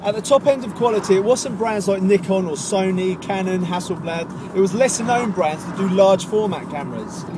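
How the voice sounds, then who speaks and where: A man's voice: high voice, moderate pace, few pauses. A young man with a southern English accent, vlogging and chatting jokily to the camera on a road trip. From England. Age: young adult. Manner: chatty, jokey, talking to camera. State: groggy in the morning. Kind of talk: casual daily vlog. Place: car and street, outdoors. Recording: clear road and traffic noise.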